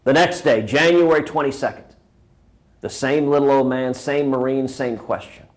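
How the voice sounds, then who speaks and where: A man's voice: medium pitch, moderate pace. A man, a presidential candidate, giving a punchy speech-style holiday greeting and telling a joke. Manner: punchy, rhetorical, builds by repetition.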